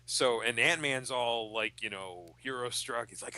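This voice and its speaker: A man's voice: mid-range voice, moderate pace, few pauses, no room sound. A man hosting a podcast, casually chatting and acting out comic book characters' lines as he tells stories. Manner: animated storyteller, acts out comic characters' quotes. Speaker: podcast host. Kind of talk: casual chat.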